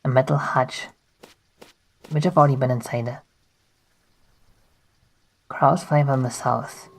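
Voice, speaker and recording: A game streamer reading on-screen game text aloud while playing, in a slow, plain reading manner. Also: medium pitch, steady tone, vocal fry, rough recording.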